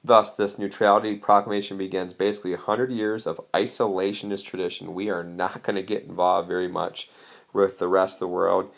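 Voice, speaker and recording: A man's voice: low voice, flat delivery, fairly quick, vocal fry. A man teaching a history lesson in a casual, chatty way, explaining slides with frequent asides. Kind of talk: recorded lecture over slides.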